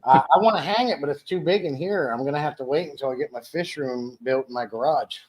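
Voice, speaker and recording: A man's voice: mid-range voice, quick pace. A man hosting a casual live stream from his dining room at home, reading viewer comments aloud and rambling with frequent restarts and repeated words.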